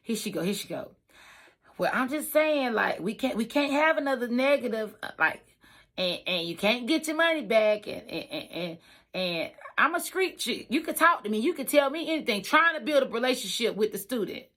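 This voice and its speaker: A woman trucker telling a story in a casual vlog, animated and emphatic, repeating lines for effect. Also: on the high side, moderate pace. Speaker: trucker and trucking school staff.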